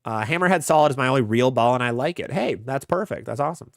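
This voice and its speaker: A man's voice: medium pitch, animated, fast, no room sound, clean studio sound. A man hosting a live bowling Q&A, giving casual gear advice in answer to viewer questions. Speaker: bowling channel host. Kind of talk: live stream Q&A, answering chat.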